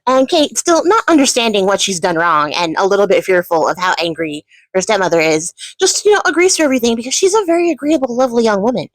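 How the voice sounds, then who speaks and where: A woman's voice: fairly high pitch, sing-song, fast talker, hardly any pauses, no room sound, rough recording. A woman retelling a fairy tale in a chatty, casual way, laughing often and swearing. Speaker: storyteller and channel host.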